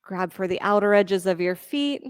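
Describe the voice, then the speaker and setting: A woman teaching a yoga class, giving steady counting cues and encouraging her students. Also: medium pitch, normal speed, smooth, no echo, studio quality. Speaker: yoga instructor. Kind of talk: leading a live yoga class.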